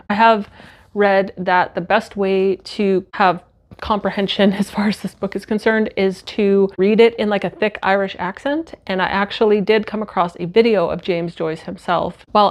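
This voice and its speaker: A young woman from Canada talks through her new books in a relaxed, chatty way. She often drops in fillers like "like" and "uh", and sometimes reads the back-cover text aloud. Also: medium pitch. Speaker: booktuber. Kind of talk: casual book haul chat with read-aloud blurbs. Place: home.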